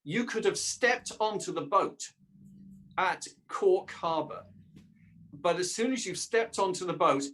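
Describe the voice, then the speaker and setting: A middle-aged man, a dialect coach and voice actor, chatting lively as a guest. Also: sits high, a little slow. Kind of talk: casual conversation.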